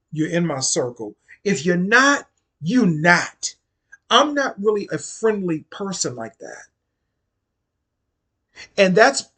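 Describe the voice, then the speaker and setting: Speaking to camera in a casual monologue, a man in his forties from the Washington, D.C. area shares a personal story. He's emphatic, profane, and blunt, repeating phrases for stress, and his husky, slightly breathy voice has a fairly bright tone and a pitch that swings up and down a lot.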